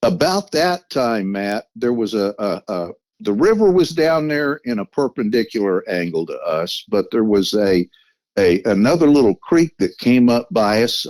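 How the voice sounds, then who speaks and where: A man's voice: on the low side, a little mellow, dry recording. A man telling a story as a podcast guest, with restarts and frequent "you know"s.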